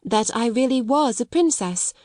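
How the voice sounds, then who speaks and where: A woman's voice: on the high side, animated, normal speed, warm tone, no room sound, studio quality, voice pushed up, lightly acted. A woman voicing a proud young schoolgirl who speaks in a grand, polite, self-possessed way.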